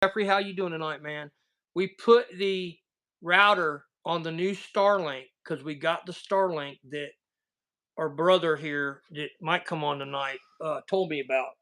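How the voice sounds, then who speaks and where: A man's voice: on the high side, measured pace, bright, forceful tone. A man with a Southern American accent hosting a casual livestream chat, telling rambling, folksy stories over a video call. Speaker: livestream host.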